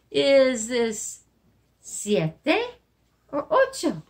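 Slow, gentle woman teaching kindergarten Spanish. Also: mid-range voice, lively intonation. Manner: slow, gentle teacher talk to young children, mixing Spanish words into English. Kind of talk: children's lesson with songs.

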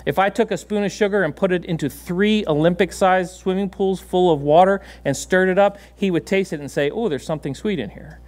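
Man, pastor, high voice, lively sermon, laughs a lot, coaxing a dog. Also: brisk, few pauses. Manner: animated, laughing often, coaxing the dog with commands. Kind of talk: sermon with a live dog demonstration. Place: church sanctuary.

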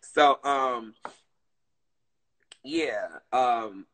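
A man's voice: medium pitch, extremely slow, a bit bright, a little hiss or hum, rough recording. A man chatting casually with viewers on a live stream, telling stories in a rambling, emotive way.

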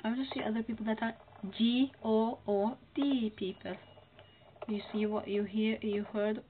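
A woman narrates her horror game playthrough. She talks back to the game's characters in a chatty, excitable way. Her voice sounds narrow and tinny, as if it came down a phone line, with steady noise hissing underneath. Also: medium pitch, brisk. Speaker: gamer. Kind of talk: horror game let's-play commentary. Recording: muffled phone-like audio with noise.

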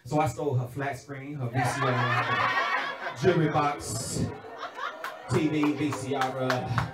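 A middle-aged man doing a crude live stand-up set, muttering then shouting punchlines. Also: a little high, steady tone, unhurried, heavy background noise. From not from California. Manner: loud, crude, swings between mutters and shouts. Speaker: stand-up comedian. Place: indoor comedy venue stage. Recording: echoey room from far off, loud crowd.

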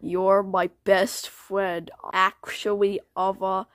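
A woman's voice: mid-range voice, flat delivery, slow pace, no room sound. A woman reading comic dub lines and bickering bluntly with her co-readers.

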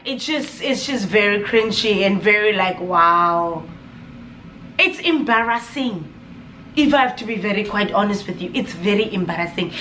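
A young woman with a Namibian accent rants to camera in a casual vlog. Her voice sits high and sounds sharp and bright. She talks with exasperated, animated energy and slips in laughing asides over faint background noise. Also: reverberant. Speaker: vlogger.

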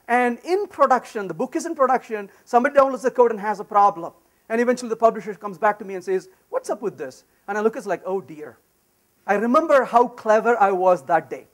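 A man giving a lively conference talk on programming, emphatic and full of anecdotes. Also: very high voice, fast. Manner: animated, emphatic, storytelling. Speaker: conference speaker. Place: conference session room.

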